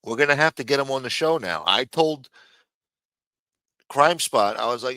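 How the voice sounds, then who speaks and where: A man's voice: medium pitch, animated, moderate pace, pauses often, sharp tone, no echo, studio quality. A man hosting a live commentary stream, sarcastic, profane and mocking as he talks. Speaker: livestream host.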